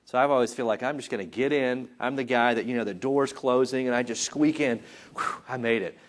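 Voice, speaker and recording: A man's voice: medium pitch, brisk. A man teaching from the Bible in an informal sermon, chatting, acting out voices and joking about himself. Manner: conversational, acts out voices and jokes about himself. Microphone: taped.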